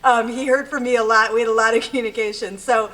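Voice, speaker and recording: A woman's voice: fairly high pitch, fairly even intonation, quick pace, fairly bright tone, slight background noise, poor audio. A woman giving earnest, grateful public remarks at a civic event, with small restarts.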